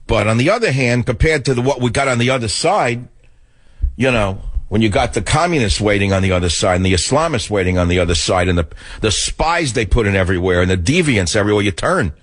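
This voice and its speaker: A man's voice: fairly low pitch, expressive, quick pace, no room sound. An older man from the Bronx, rambling and sarcastic in a talk radio monologue. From the Bronx, New York.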